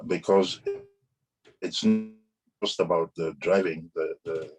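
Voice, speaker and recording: Deep-voiced man explaining patiently. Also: darkish tone, husky, soft background music. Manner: measured, explains patiently with many restarts. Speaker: airline pilot guest. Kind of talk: casual interview conversation.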